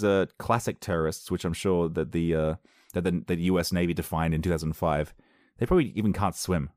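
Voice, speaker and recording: A man's voice: deep voice, a little mellow, dry recording, clean studio sound. A man reading strange news articles aloud and reacting with sarcastic, rambling asides. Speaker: video host.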